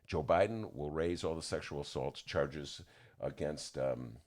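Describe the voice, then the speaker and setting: A man's voice: rumbling low, a little slow, a little mellow. A man giving an indignant, stumbling political rant on a talk podcast, recorded at a studio microphone. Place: radio-style studio.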